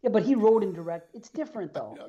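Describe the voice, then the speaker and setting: Rambling sweary podcast host, mellow tone. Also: male voice, high-pitched, sing-song, fast talker, highs cut off. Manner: rambling, swears often, trails off. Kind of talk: casual podcast chat.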